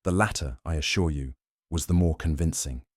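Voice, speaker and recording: A man playing a calm, keen-eyed detective in a storybook reading. He talks in a smooth, measured, almost kind way, with a very deep and mellow voice. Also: no room sound, studio quality.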